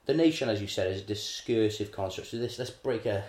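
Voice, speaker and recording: A man's voice: lowish voice, animated, a little fast, darkish tone. A man co-hosting a casual chat, explaining political theory in a chatty, lecturing way. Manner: chatty, lecturing, laughs at his own asides. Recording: echoey room.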